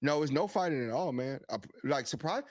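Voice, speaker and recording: A man co-hosting a live podcast, animated and hyped, telling stories and giving shout-outs. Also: a little high, fairly quick, no echo. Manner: animated, hype storytelling with laughs and shout-outs. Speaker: podcast co-host. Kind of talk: casual live-stream chat.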